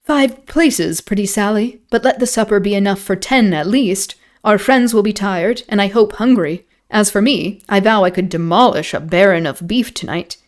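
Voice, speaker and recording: A woman's voice: medium pitch, moderate pace, hardly any pauses, natural voice. A woman voicing a jovial young English lord who speaks in a hearty, effusive way.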